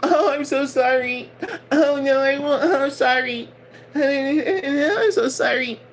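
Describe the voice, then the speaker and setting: A man's voice: very high voice, takes it slowly, slight background noise, voice pushed up. A man voicing a whiny young woman who plays the fake victim, sobbing out apologies. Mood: fake crying.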